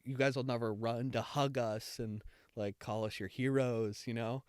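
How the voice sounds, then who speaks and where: A young man rambles through a heartfelt story on a casual podcast, leaning on fillers as he goes. His voice is smooth and resonant. The recording is close and dry. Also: mid-range voice, steady tone, normal speed, a little mellow, dry recording. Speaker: podcast co-host. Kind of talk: casual chat.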